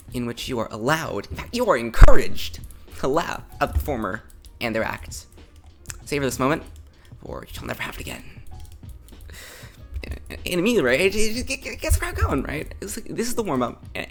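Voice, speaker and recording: A man's voice: medium pitch, a bit bright. A man casually telling a long school story over gameplay, rambling with frequent chuckles and asides. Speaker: gameplay commentator.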